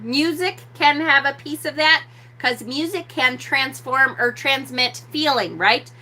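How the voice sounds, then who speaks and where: A woman hosting a live stream, teaching and answering chat comments, speaking slowly and repeating key words for emphasis. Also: high-pitched, pushed and bright. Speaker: host of a witchcraft channel.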